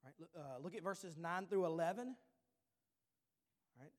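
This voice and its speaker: A pastor in his thirties preaches in a church sanctuary, his fairly high voice animated at a moderate pace with long pauses. He's earnest, repeats his questions, and checks in with "all right." The hall gives the recording a long reverb.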